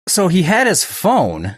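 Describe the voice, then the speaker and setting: A man co-hosting a podcast, tossing out quick deadpan jokes in casual chat. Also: on the high side, slightly rough, no room sound, studio quality. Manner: wisecracking, quick deadpan quips. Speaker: podcast co-host.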